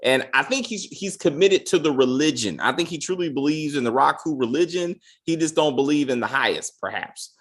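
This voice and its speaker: Male recap host, slightly high voice, profane and rambling, lots of restarts. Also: expressive, brisk, hardly any pauses, a bit bright. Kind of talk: casual TV recap.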